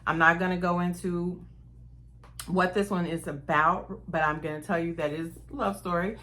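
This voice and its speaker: A woman's voice: lowish voice, fairly even intonation, moderate pace, sharp tone. A young woman, chatting to camera about her reading plans in a casual, enthusiastic way. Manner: chatty, enthusiastic, addresses viewers as y'all. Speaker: book vlogger.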